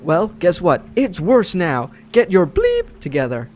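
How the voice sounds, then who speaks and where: A man's voice: high voice, wildly swooping pitch, a little slow, darkish tone, soft background music, voice pushed up, full character voice. A young man reading out a grumpy male landlord's complaint letter in a half-hearted put-on voice. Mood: exasperated. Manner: failed attempt at a posh voice, exasperated.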